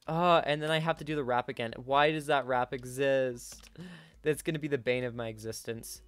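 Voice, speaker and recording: A young man giving live gameplay commentary, swinging between yelling in frustration and quiet muttering to himself. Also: medium pitch, normal speed, clean tone, no echo, soft background music. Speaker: gaming YouTuber.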